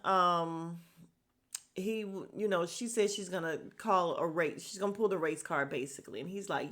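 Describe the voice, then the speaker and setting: At a normal pace and a fairly low pitch, this young woman recaps a reality show on her podcast. Her casual talk is gossipy and blunt, full of swearing, and she does animated voices when quoting the cast.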